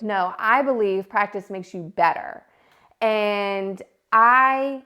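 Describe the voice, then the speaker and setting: A woman in her thirties hosting a podcast, telling a personal story in a casual, animated way. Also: mid-range voice. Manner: animated, acts out her own yelling and quotes. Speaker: podcast host.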